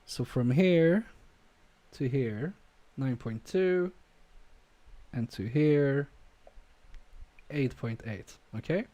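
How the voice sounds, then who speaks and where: A man's voice: medium pitch, expressive, extremely slow, long pauses, dark tone, no echo. A man streaming an electronics repair live, muttering to himself and joking with viewers about his own mistakes. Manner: muttering to himself and chatting to viewers, self-deprecating.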